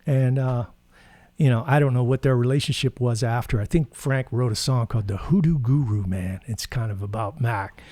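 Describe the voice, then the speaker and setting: A man in the middle of his register tells music stories in a relaxed, rambling way. He stops for fillers and restarts as the memories come back. The recording is dry and close, with no room sound. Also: mid-range voice, normal speed, dry recording. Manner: rambling, anecdotal, with many fillers. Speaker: guitar channel host. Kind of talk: casual storytelling.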